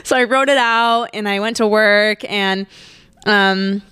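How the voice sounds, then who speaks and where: A woman's voice: mid-range voice, fairly even intonation, slow pace, sharp tone, clean tone, no echo, studio quality. A woman, hosting a solo podcast and chatting casually, gushing and laughing often. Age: 20s. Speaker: podcast host.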